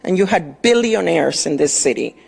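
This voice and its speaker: Gravelly, impassioned woman at a council podium. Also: lowish voice, animated, normal speed, darkish tone. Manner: impassioned, scolding. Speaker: public commenter. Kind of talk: city council public comment.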